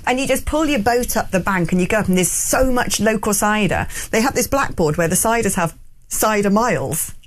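A woman's voice: mid-range voice, expressive, brisk. A woman from Gloucester, hosting a talk radio show in a chatty, jokey way. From England, Gloucester. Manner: chatty, jokey, laughs often. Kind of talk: casual chat on air.

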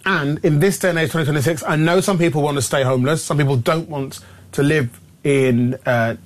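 A man's voice: on the high side, fairly quick. A man in a radio studio giving his view as a political commentator, earnest and chatty. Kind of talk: radio studio guest discussion.

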